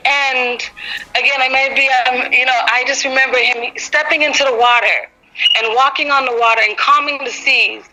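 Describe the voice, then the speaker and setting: A woman's voice: high voice, fairly even intonation, normal speed, sharp tone, rough recording. A woman teaching a women's Bible group, earnest and rambling, with lots of "you know" fillers. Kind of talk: informal devotional teaching.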